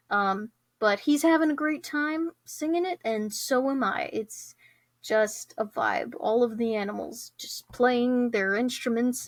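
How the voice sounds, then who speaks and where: A woman's voice: a little high, no echo. A young woman hosting her own podcast in casual chat, bubbly and giggly, with many fillers and restarts. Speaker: podcast host.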